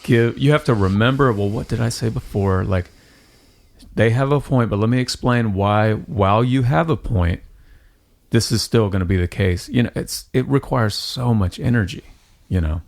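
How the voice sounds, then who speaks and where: A man's voice: mid-range voice, moderate pace. A man co-hosting a podcast, talking reflectively in casual chat. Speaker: podcast co-host.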